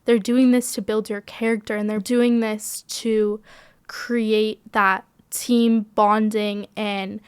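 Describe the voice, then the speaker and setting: A young woman, a graduating high school senior, telling stories in a bubbly way with laughter during a casual podcast interview. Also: flat delivery, slow pace, smooth, dry recording, studio quality. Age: young adult.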